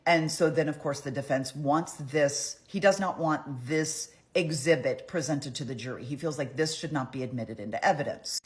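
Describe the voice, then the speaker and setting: A woman's voice: sits low, moderate pace, hardly any pauses. A middle-aged woman giving a chatty, opinionated trial recap, often acting out what people said. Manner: chatty, opinionated, acts out quotes. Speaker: trial commentary vlogger. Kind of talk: casual trial recap commentary.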